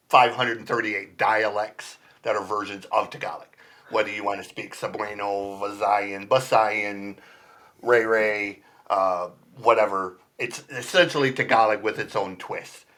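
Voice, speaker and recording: Low-voiced rambling man, laughing often. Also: steady tone, a little slow, bright, forceful tone. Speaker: podcast guest. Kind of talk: casual chat. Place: home basement room.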